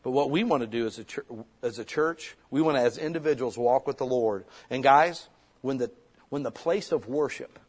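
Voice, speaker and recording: A middle-aged pastor preaching a sermon in an impassioned, conversational way, full of rhetorical questions. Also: male voice, mid-range voice, normal speed, breathy edge.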